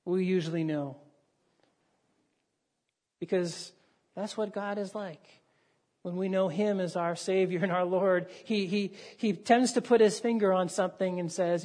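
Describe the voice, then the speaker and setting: Man, pastor, sermon, high voice, storytelling, loud emphatic peaks. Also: steady tone, measured pace, pauses often. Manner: storytelling with acted dialogue, rises to loud emphasis.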